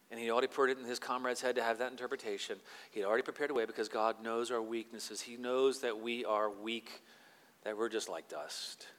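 A male pastor delivers a sermon in a bright, forceful voice that rings with the long reverb of a big hall. He drops to slow, quiet reflection, then rises to loud, emphatic scripture reading. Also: mid-range voice.

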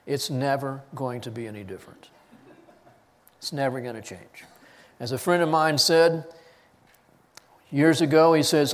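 A man preaching a sermon, reading scripture with rising force and dropping low to press his points. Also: fairly even intonation, a little slow, long pauses, big-room sound. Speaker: pastor.

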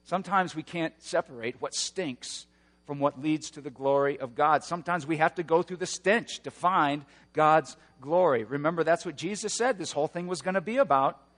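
A man preaching a sermon, moving between hushed, slow passages and loud, roaring emphasis. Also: fairly high pitch, in a large hall. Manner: dynamic preaching, swings from hushed to shouting. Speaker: pastor.

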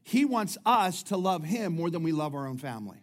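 A middle-aged man delivers a sermon in a conversational, joking way, often restarting his sentences. His voice sits a little high for a man. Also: sing-song, brisk. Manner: conversational preaching with humorous asides and frequent restarts. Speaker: pastor.

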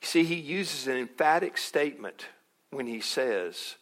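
Lively bright-voiced male preacher. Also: mid-range voice, normal speed. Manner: animated, acts out quotes, chuckles. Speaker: pastor. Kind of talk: sermon.

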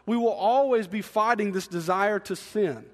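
A man's voice: high voice, normal speed. A man preaching a sermon as pastor, reading scripture with joking asides. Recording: long hall reverb.

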